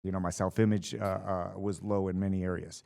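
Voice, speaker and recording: Man, deep low voice, fight coach guest, lively storyteller, acts out quotes. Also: brisk, gravelly. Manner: animated storyteller acting out quotes with fillers. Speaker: boxing and MMA coach, guest. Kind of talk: casual storytelling interview.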